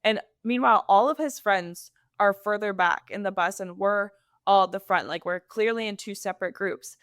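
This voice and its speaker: A woman co-host recounts a night out in a lively, sassy way, laughing often. Her voice sits in a middle range. The sound is dry and close, with no room echo. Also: mid-range voice, moderate pace. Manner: animated, sassy storytelling with laughs. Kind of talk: casual storytelling chat.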